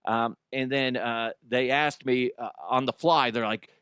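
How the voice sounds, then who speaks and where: A man's voice: mid-range voice, fairly even intonation, measured pace, fairly bright tone, clear, resonant tone, dry recording, clean studio sound. A man hosting a comedic news podcast, rambling casually, swearing and mocking himself. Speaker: podcast host.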